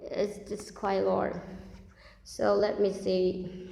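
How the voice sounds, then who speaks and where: A woman who is a native Vietnamese speaker, with a Vietnamese accent, teaches English by expressively reading a children's story and slowly repeating vocabulary for practice. Her medium-pitched voice is steady, creaky and warm, recorded with a roomy echo and long reverb.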